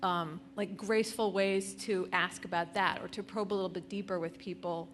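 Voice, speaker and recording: A woman in the audience asking a question, tentative and pausing with ums. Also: on the low side, fairly even intonation, slight background noise.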